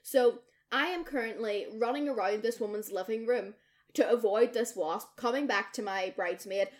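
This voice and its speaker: Animated woman telling a story, slightly high voice. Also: moderate pace. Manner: animated, swearing freely, acts out the people in her story. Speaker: podcast co-host. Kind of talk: casual storytelling chat.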